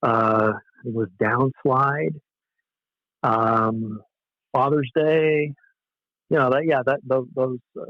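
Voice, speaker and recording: Speaking in a mid-range voice, this forties-aged man from Southern California tells laid-back, self-deprecating stories as a podcast guest, often chuckling at his own expense. His recording has no echo and sounds dull, dry and lo-fi.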